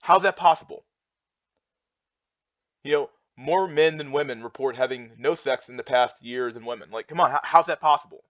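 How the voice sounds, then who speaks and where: A man's voice: medium pitch, normal speed, fairly bright tone, dry recording. A young man in a heated, rambling rant, full of fillers and restarts. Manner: heated, repetitive, filler-heavy with many restarts. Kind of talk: ranting monologue reacting to charts. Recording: dull lo-fi dry sound.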